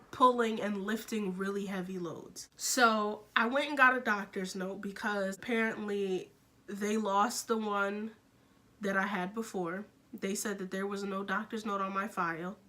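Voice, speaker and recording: A young woman tells her story in a bright, forceful voice at a middle pitch. She speaks frankly and sounds exasperated, rushing through some lines in quick bursts. She keeps to a casual vlog delivery. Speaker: vlogger.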